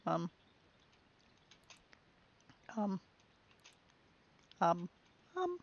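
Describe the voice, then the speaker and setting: A woman giving chatty, musing let's play commentary on a game, with bursts of excitement. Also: fairly low pitch, extremely slow, highs cut off. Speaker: game streamer.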